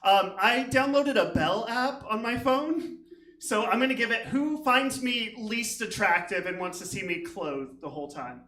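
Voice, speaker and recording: A man's voice: high voice, normal speed. A man doing crowd-work comedy, teasing audience members and giggling through the banter. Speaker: stand-up comic. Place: comedy theater stage. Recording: echoey room with lively crowd.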